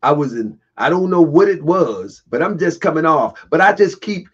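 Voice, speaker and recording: A man runs a casual livestream while getting over a cold, so his voice comes out husky. He talks with lively, swooping pitch and laughs often as he answers chat comments. The audio is dull and lo-fi. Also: normal speed. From Baltimore area. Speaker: livestream host. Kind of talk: casual livestream talk to viewers.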